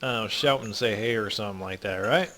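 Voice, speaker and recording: A young man as dungeon master, narrating a tabletop game with many ums and pauses. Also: lowish voice, sharp tone, slight background noise. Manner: halting, many ums, voices gruff figures in passing.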